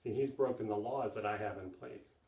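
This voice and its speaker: A man's voice: lowish voice, a little fast, vocal fry, mellow, echoey room, far from the mic, poor audio. A man giving an earnest sermon-style teaching, plainly explaining with repeated asides to his listeners. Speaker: preacher.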